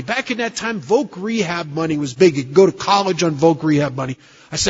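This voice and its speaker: A man telling his recovery story to a meeting in a blunt, conversational, self-mocking way, with rough everyday grammar. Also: fairly high pitch, lively intonation, brisk. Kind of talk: personal recovery story told to an audience. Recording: dull lo-fi recording in a reverberant hall.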